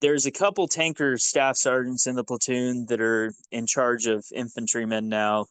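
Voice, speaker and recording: A man's voice: mid-range voice, normal speed, clear, resonant tone, dry recording, low-quality recording. Ex-soldier guest, male, casual and profane, acts out every quote, dry mic. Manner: profane, animated, acts out dialogue. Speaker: podcast guest, former Army sergeant. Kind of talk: casual storytelling.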